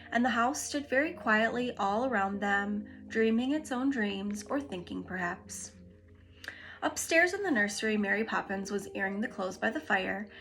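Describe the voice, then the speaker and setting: A woman reading a classic children's book aloud, gently and expressively. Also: medium pitch. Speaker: storybook reader.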